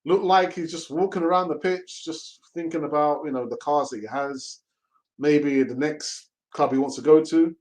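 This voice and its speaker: A man's voice: a little high, moderate pace, a little mellow. A man hosting a casual live stream, reading chat messages aloud, laughing and mockingly acting out pleading voices. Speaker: host of a fan channel reading live chat.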